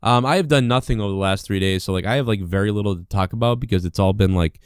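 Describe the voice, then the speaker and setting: A man's voice: fairly low pitch, fast talker, clean tone, dry recording. Rambling, profane man with a dry sound. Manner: profane, rambling, indignant, full of fillers. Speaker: podcast host. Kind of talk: solo rant.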